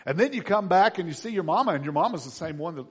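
A man preaching a children's sermon as pastor, swinging between hushed and loud emphasis. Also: sits high, lively intonation, quick pace, breathy edge.

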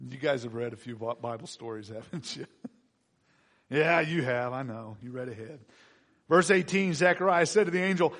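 A man's voice: mid-range voice, normal speed, a bit bright. A man preaching a conversational sermon, teasing his congregation with asides and questions. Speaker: pastor.

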